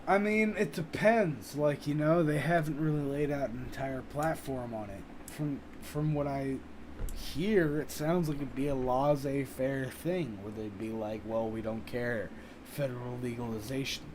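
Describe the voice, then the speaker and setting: A man chatting casually on a live stream, reading viewer comments in a rambling, profane, animated way. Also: a little high, slow pace, background noise. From United States.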